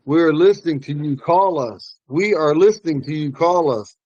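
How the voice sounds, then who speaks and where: A man teaching a language class, explaining word meanings slowly and repeating key phrases. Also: on the high side, a little mellow, dry recording, muffled recording.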